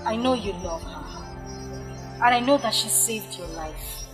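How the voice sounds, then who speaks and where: A woman's voice: medium pitch, animated, a little slow, over music, lightly acted. A woman playing a desperate pleading woman. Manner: pleading, urgent. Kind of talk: Nollywood film acting.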